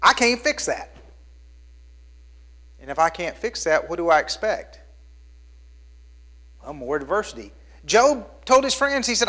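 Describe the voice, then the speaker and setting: A man preaching a sermon, storytelling and moving between hushed and emphatic lines. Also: high-pitched, very animated, measured pace, pauses often. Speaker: pastor.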